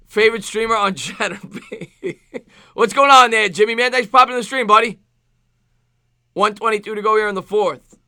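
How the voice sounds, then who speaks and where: A man with a New York accent streaming live play-by-play football commentary, excitable, with rhyming calls and thanks to chat viewers. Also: high voice, normal speed, clear, resonant tone, no echo, clean studio sound. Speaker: sports streamer.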